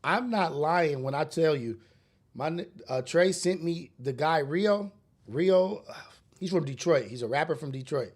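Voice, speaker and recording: A man's voice: a little high, expressive, unhurried, a little mellow. A man hosting a solo podcast, ranting bluntly and preachily with street slang and cursing. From raised in a rough urban neighborhood. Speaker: podcast host. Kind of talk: casual solo podcast monologue.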